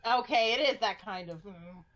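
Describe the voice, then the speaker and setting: A woman's voice: mid-range voice, normal speed, fairly bright tone, highs cut off. A woman chatting casually on a gaming stream, rambling and joking about her computer troubles.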